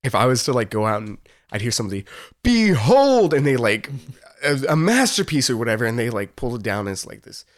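A man's voice: fairly low pitch, fairly even intonation, very fast, a bit bright. Earnest young man rambling about faith. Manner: earnest and rambling, with frequent fillers and laughs. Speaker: podcast host. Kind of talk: casual faith talk.

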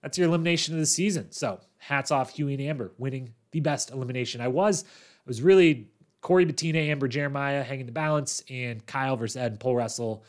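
A man hosting a podcast, recapping a reality competition season in a chatty, animated storytelling way with quick asides. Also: mid-range voice. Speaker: podcast host.

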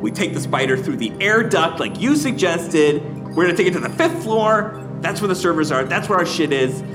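A man playing a tabletop game, excitable and joking as he plans. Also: on the high side, moderate pace, music in the background. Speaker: player. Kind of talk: casual tabletop play.

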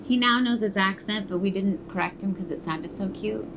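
A woman's voice: medium pitch, moderate pace, noisy background. A woman, a stage actress, chatting animatedly and playfully as an interview guest. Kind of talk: casual interview chat.

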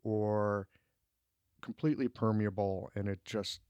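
He speaks a little slowly in a low, smooth voice with fairly even intonation; the audio is dull but free of echo. As a podcast co-host in relaxed, reflective conversation, he searches for his thoughts, restarts often, and sometimes voices his inner monologue aloud.

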